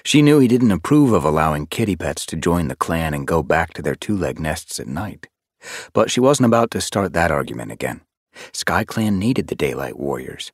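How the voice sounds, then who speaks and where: A man narrating a fantasy audiobook, expressive and reading from a script. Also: low voice, normal speed, no room sound, studio quality. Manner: expressive, shifting voices for characters.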